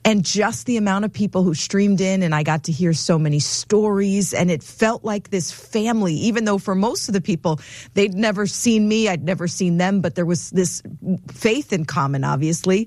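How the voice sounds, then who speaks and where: A female radio co-host in casual on-air chat, chatty and quick to laugh. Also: mid-range voice, no echo. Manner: lively, chatty, laughs easily.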